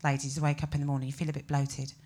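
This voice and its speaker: A British woman performing a stand-up comedy set, ranting with incredulous, animated exclamations. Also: extremely low pitch, rapid-fire. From Britain.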